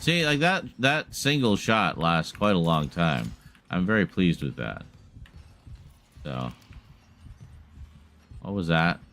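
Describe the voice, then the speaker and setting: A man's voice: low voice, very animated, slow pace, long pauses, fairly bright tone. A man giving casual, chatty live commentary as he streams a horror game, wry and laughing at himself, with light swearing. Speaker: gaming streamer.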